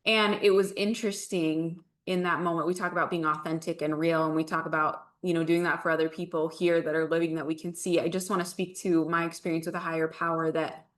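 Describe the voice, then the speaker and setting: A woman with a notably low voice speaks as a podcast guest. She shares a personal experience in an earnest, confessional tone and takes her time over the heavy moments. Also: flat delivery, fairly quick, few pauses. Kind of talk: candid personal storytelling.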